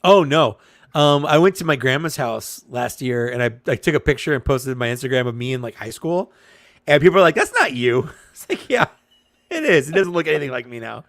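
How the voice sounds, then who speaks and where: A man's voice: medium pitch, very animated, brisk, fairly bright tone, no echo, studio quality. A man in casual live chat while opening toys, laughing often and talking animatedly. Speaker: toy-unboxing show co-host.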